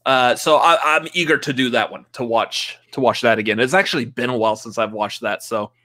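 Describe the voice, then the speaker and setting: A young man co-hosts a relaxed live stream about movies. He rambles loosely, drops plenty of filler words and laughs easily, in a voice of ordinary middle pitch. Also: fairly quick. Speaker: co-host. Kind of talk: casual live-stream chat.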